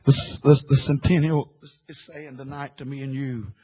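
A man preaching an impassioned sermon, swinging from hushed, quiet lines to loud, shouted ones. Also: medium pitch, level tone, moderate pace, slightly rough, rough recording.

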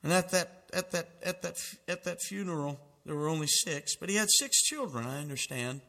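A man's voice: on the high side, lively intonation, normal speed, sharp tone, in a large hall. A man preaching a fervent sermon, reading out dramatic quotations with emphasis.

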